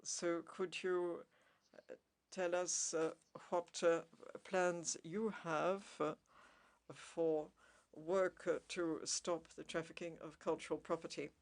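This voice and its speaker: A moderator guides a panel at a formal international conference in an average-pitched voice. The delivery is courteous and hesitant, with frequent filler pauses that break up each question. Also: level tone. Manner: polite, halting, with many "uh" pauses.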